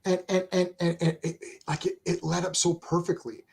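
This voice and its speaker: A man's voice: high voice, moderate pace, creaky, breathy edge. Guy cohosting a chill chat stream, gets all hyped and trips over his words, keeps restarting. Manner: excitable, rambling with many restarts; reads viewer chat aloud. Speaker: co-host. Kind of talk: casual chat.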